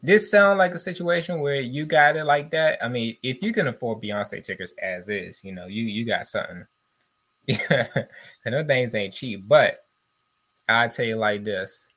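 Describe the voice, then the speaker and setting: Bright-voiced easygoing podcast man. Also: medium pitch, moderate pace. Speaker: podcast co-host. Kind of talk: casual podcast banter.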